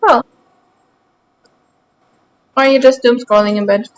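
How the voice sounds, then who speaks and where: A woman's voice: fairly high pitch, fairly even intonation, measured pace, lo-fi sound. A woman with a light Austrian accent, chatting casually with her stream chat while playing a game, rambling as she goes.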